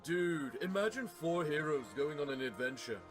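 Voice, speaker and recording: A man's voice: fairly high pitch, animated, normal speed, over music, natural voice. A man doing a laid-back surfer dude. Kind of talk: game dialogue read aloud by a player.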